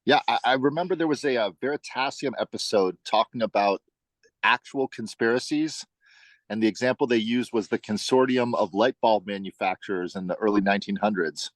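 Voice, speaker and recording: A man's voice: on the low side, fairly quick, dry recording. A man in a casual chat, curious and asking follow-up questions. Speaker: conversation partner.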